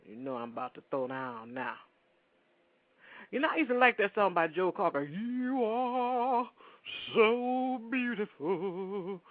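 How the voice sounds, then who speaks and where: A man's voice: a little high, sing-song, brisk, pauses often, no echo. A man hosting a radio show, chatting in a rambling way and talking straight to his listeners. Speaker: radio host. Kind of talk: casual radio talk. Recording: dry, phone-like lo-fi sound.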